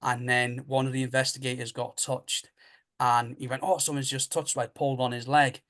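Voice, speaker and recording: A man's voice: medium pitch, completely flat delivery, normal speed, a bit bright. A man, a paranormal investigator guest telling his stories in a casual, rambling way. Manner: rambling, repeats himself, retells dialogue. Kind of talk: casual storytelling.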